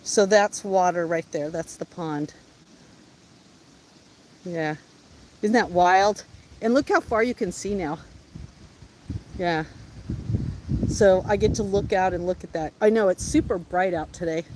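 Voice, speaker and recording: A woman's voice: on the low side, unhurried, long pauses, darkish tone, slight background noise. A woman vlogging casually to her viewers from her home kitchen and yard, chatting and talking to herself as she goes. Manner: chatty, talks to herself while cooking.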